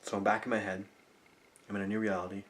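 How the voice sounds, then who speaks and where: A man talking to camera, walking viewers through a visualization technique, murmuring affirmations softly and explaining in eager, rambling bursts. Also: on the low side, flat delivery, fast. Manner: drops to soft, murmured affirmations, laughing often. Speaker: self-help vlogger. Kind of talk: guided visualization demonstration to camera. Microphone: camera mic.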